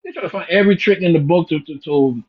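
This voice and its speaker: A man's voice: on the high side, quick pace. A man from Africa arguing emphatically on a live-stream panel, often repeating words as he gets going. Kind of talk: heated live-stream discussion. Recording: dull lo-fi stream audio.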